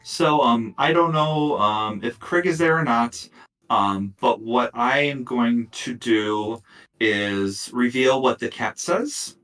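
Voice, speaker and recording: A man narrating as dungeon master of a tabletop game, casual and relaxed, with lots of fillers and asides. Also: mid-range voice, takes it slowly, far from the mic, poor audio.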